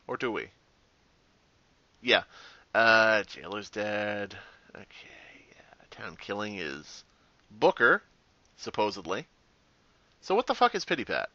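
A man hosting a gaming channel, talking over his own play with sarcastic asides and a lot of swearing. His voice is bright and leaps around in pitch. The sound is close and dry, with a slightly dull, muffled top end. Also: no echo. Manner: sarcastic, swearing, animated reactions. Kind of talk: gameplay commentary.

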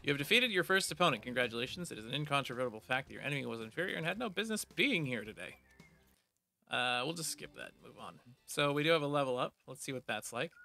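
Playful gravelly gamer guy. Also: mid-range voice, animated, quick pace, sharp tone. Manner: playful, reads game text aloud with jokey asides. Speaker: gaming video creator. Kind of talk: casual let's play commentary.

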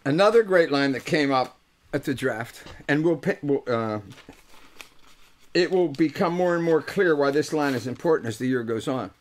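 An older man from talks to his webcast viewers in a loose, joking way. He teases the audience, swears freely and fills his pauses with plenty of uhs. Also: fairly high pitch, animated. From Pittsburgh, USA. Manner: joking, teasing, swearing, with lots of fillers. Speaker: host and musician. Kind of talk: casual comic monologue to a webcast audience. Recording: live webcast audio.

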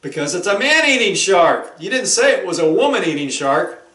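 A man's voice: sits high, sing-song, normal speed, fairly bright tone. A man voicing a lazy young sitcom husband who dodges questions with offhand jokes. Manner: offhand, joking, dodging. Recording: roomy echo.

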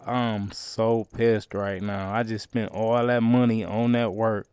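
A man's voice: level tone, slow, few pauses, smooth, dry recording. Slangy, cursing man streaming a roleplay. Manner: slangy, swears a lot, keeps calling out to viewers; swings from low grumbling to loud outbursts. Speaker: streamer playing a roleplay character. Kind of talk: in-character roleplay commentary to viewers.

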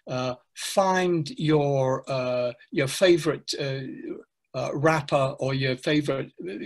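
Slightly husky older man, teaching talk. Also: on the high side. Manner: playful, animated, acts out classroom lines. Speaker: pronunciation teacher trainer, guest. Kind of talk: casual interview talk. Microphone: video call.

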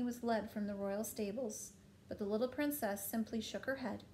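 A woman reading a children's picture book aloud to a child, gently stopping to point at pictures and ask questions. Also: mid-range voice, moderate pace, slight background noise.

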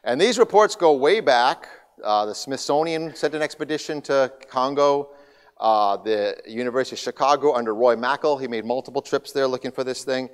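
Casting: male guest speaker, animated storyteller, mid-pitched voice, long echo of a big hall. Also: normal speed, smooth. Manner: lively storyteller, grows loud and excited in anecdotes. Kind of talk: church seminar talk.

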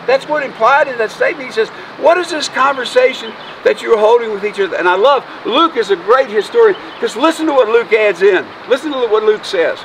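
A man's voice: very high-pitched, lively intonation, fairly quick, hardly any pauses. A man preaching an Easter sermon outdoors as pastor, folksy and emotional, joking with his congregation. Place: outdoors by a road. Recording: distant mic, faint noise.

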